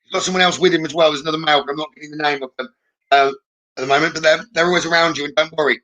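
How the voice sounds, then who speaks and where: Bright-voiced male psychic, reassuring. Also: a little high, fairly even intonation, muffled recording. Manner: gentle, reassuring, frequent "okay?" checks; hesitant, with many "um" pauses. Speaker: psychic medium. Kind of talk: live-stream psychic reading.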